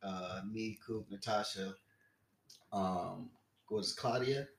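A man's voice: lowish voice, slow pace, gravelly, roomy sound. A young man co-hosting a podcast, telling a story in casual chat and acting out the people in it. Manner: animated, acts out quoted voices loudly. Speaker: podcast co-host.

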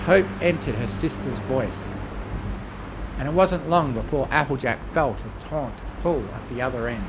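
A man reading a horror fan fiction story aloud with measured, dramatic storytelling. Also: mid-range voice, background noise.

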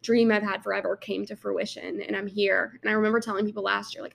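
A woman's voice: mid-range voice, little pitch movement, racing, creaky, few pauses, fairly bright tone, slight background noise. A young woman from Alabama with a Southern accent, chatting casually to camera and filling her talk with "like". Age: young adult. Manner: chatty, lots of "like" fillers. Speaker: intern vlogger.

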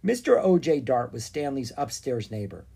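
Animated children's-book narrator, breathy and very lively in pitch. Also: moderate pace. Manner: animated, expressive reading. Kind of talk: storybook read-aloud.

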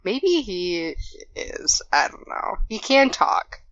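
A woman's voice: mid-range voice, sing-song, fairly bright tone, no echo, dull audio. A woman co-hosting a casual podcast, adding dry, wry remarks. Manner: slow, dry, wry interjections. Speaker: podcast co-host. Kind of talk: casual chat.

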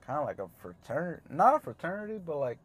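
A man's voice: a little high, big pitch swings, fast talker, husky. A young man co-hosting a casual podcast, talking in a laid-back, slangy way and trailing off. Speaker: podcast co-host.

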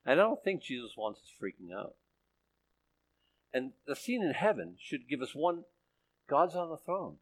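A man's voice: mid-range voice, fairly bright tone, poor audio. A male pastor preaching a conversational sermon, often checking in with his listeners.

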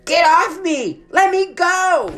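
Woman doing a loud, defiant young girl. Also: big pitch swings, normal speed, a little hiss or hum. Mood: defiant shouting. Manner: loud, high and spirited. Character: defiant young girl, bold and quick-witted.

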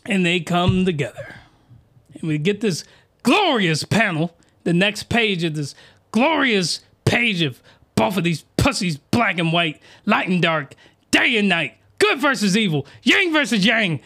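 Male host, high-pitched and lively, rambling comedic monologue that keeps interrupting itself. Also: measured pace. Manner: rambling, self-interrupting, jokey. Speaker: podcast host reviewing comics. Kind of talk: crude comedic review monologue.

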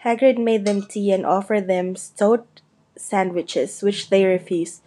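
A woman narrates a storybook in a steady, unhurried way. Her voice is mellow and warm, sitting at a middling pitch for a woman. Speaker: audiobook reader.

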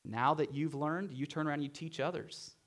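A young man preaching a sermon as pastor, conversational and animated, with rising bursts of emphasis. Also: fairly high pitch, fairly quick.

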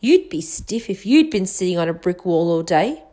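A woman's voice: lowish voice, very animated, normal speed, mellow. A woman voicing a severe older witch professor who talks impatiently and irritably. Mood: irritable.

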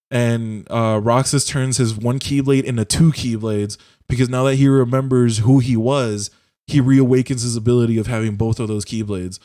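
His voice is mid-range and a little mellow as this young man, a podcast co-host, chats casually on a voice call about a video game plot, rambling with swearing and lots of fillers. The home-mic recording is dry and studio quality.

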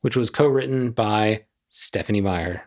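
A man's voice: fairly low pitch, a little mellow. Rambling, joking male podcast co-host. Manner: joking, rambling, quick asides. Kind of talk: casual chat.

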